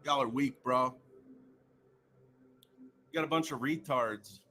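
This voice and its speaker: A man's voice: mid-range voice, takes it slowly, pushed and bright, a little hiss or hum. A man hosting a livestream, trading crude insults and taunts with a caller and his viewers. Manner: profane, taunting, repetitive. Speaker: livestream host.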